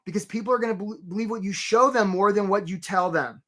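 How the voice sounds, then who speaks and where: A man's voice: high-pitched, quick pace, fairly bright tone. A middle-aged man coaching job seekers in a live webinar, chatty and upbeat, greeting viewers by name. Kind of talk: energetic live webinar presentation.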